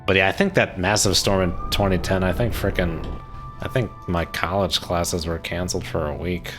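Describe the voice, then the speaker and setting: A man's voice: deep voice, fairly even intonation, moderate pace, fairly bright tone, faint music behind. A man in his thirties from Maryland, chatting casually while live-streaming a game, rambling with lots of filler words. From Maryland, USA. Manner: rambling, laid-back, heavy on "like" fillers.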